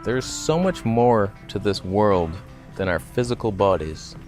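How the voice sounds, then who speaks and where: A man's voice: fairly low pitch, sing-song, measured pace, darkish tone, soft background music. A man talking to camera outdoors about health in a casual, joking vlog, with self-mocking asides. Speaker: vlogger. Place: outdoors, walking by a road.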